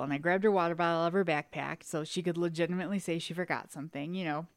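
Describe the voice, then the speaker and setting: A woman co-hosting a podcast in casual chat, telling a story with lively energy and acting out quotes in high squeals. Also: rapid-fire, no room sound, clean studio sound. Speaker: podcast co-host.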